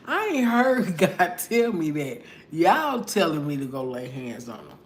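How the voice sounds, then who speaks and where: A middle-aged woman tarot reader talking in an unhurried, drawn-out way, blunt and salty, breaking into laughter. Her voice sits in an echoey room with a faint hiss of noise behind it. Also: mid-range voice, very animated. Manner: blunt, profane, laughs often. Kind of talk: casual tarot reading monologue.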